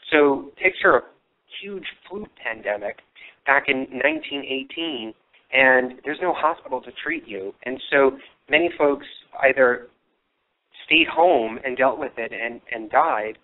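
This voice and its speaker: A man's voice: mid-range voice, measured pace. Man, paranormal radio host, rambling history talk, slightly worn voice, tinny phone-line sound. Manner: rambling storytelling with fillers. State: losing his voice. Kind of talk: live investigation broadcast.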